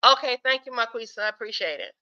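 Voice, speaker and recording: A sleepy woman hosts a relaxed livestream and reads out viewer comments between bursts of laughter. Her voice sounds bright, and the stream audio comes through dull and lo-fi. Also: a little high, fast. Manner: chatty, laughs often, talks straight to viewers. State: sleepy, yawning. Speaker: livestream host. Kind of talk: casual livestream chat reading viewer comments.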